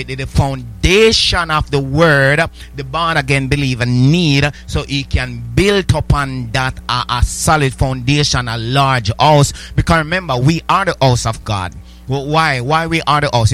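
A man's voice: medium pitch, fairly bright tone. A man preaching a sermon, restarting words and asking the listeners rhetorical questions. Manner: repetitive stammering restarts, rhetorical questions to the congregation.

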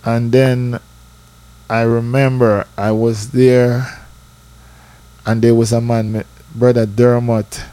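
A man with a Jamaican accent telling a personal church testimony in a lively storytelling way, slipping into patois. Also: medium pitch, takes it slowly, long pauses, clean tone, dry recording. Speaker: church member giving testimony.

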